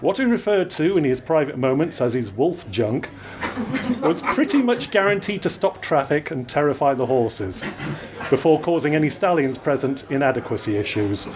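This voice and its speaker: Brief: male storyteller, wry and expressive, lively up-and-down pitch. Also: normal speed, crowd noise. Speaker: reader. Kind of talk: live reading of his own story.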